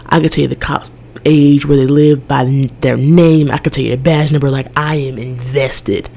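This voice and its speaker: A young woman hosting her own podcast, talking through her feelings in a loose, rambling monologue. Her voice has a gravelly, creaky edge, and she leans on "like" constantly as she circles her thoughts. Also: extremely low pitch, fairly even intonation, normal speed, dark tone. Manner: emotional, rambling, heavy use of "like". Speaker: podcast host. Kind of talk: casual personal monologue.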